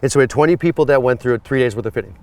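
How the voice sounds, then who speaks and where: Man, golf club fitter, quick storytelling, emphatic, mid-pitched voice. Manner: animated, rising to emphatic when excited. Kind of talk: conversational storytelling.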